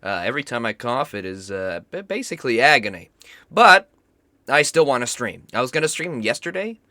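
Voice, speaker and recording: A sick young man with a hoarse, cracking voice and a cough, chatting casually and swearing while he streams a game. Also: mid-range voice, very animated, brisk, pushed and bright, no echo. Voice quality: rough, cracking voice. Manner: rambling, self-mocking, swears often. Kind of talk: casual gaming stream chat.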